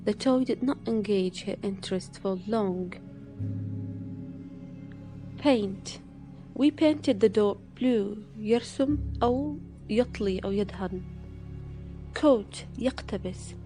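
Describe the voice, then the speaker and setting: A woman with a soft, mellow tone works through a vocabulary list. She reads each word and its example sentence at a slow, measured pace, like a teacher. Quiet music plays faintly underneath. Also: medium pitch. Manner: slow, measured reading, one word at a time.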